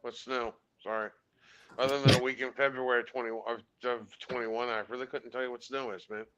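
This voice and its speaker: A man's voice: mid-range voice, level tone, a little fast, a bit bright, clean tone. A man chatting casually on a podcast, easygoing and self-mocking. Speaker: podcast co-host. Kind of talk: casual chat.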